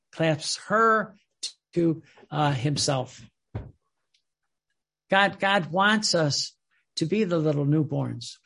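A man's voice: high-pitched, gravelly, husky. A man preaching a sermon in an impassioned way, rising and falling for emphasis and repeating his words.

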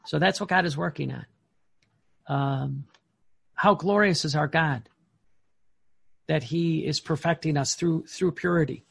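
A man preaching a sermon, reading devotional passages slowly and breaking into emphatic, excited commentary. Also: fairly high pitch, creaky, husky. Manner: emphatic, swings from slow reading to excited outbursts.

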